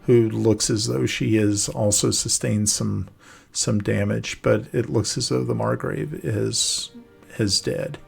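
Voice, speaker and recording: A man narrating a tabletop game as game master, halting and searching for words mid-sentence. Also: fairly low pitch, steady tone, vocal fry, breathy edge, faint music behind.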